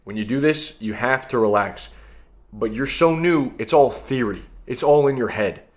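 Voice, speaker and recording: A man's voice: medium pitch, animated, normal speed. A young man giving a blunt, emphatic motivational monologue as host of his own video channel, coaching listeners directly.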